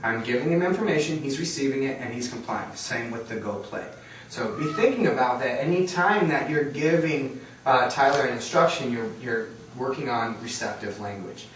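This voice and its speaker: A man's voice: mid-range voice, moderate pace, slight background noise. A man teaching a training workshop, quizzing the audience and checking that they follow along. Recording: very echoey room, far from mic.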